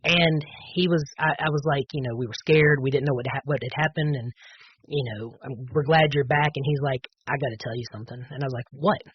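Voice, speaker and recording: A man's voice: mid-range voice, fairly even intonation, quick pace, slightly rough, dry recording, lo-fi sound. A man on a podcast telling a personal testimony, earnest and full of fillers and restarts. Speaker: podcast guest.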